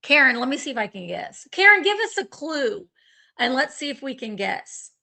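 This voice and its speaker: A woman hosts a relaxed live-stream chat, rambling and trailing off as she searches for names. Her voice sits a little high and sounds bright, with a gravelly fry underneath. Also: moderate pace. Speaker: live-sale stream host. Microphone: streaming setup.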